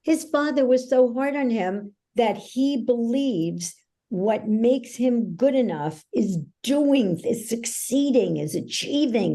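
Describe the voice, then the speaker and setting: A woman with a mellow, warm tone speaks as a guest coach on a podcast. She tells stories in an animated, emphatic way. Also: a little high. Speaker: guest, belief-change coach. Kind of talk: conversational interview.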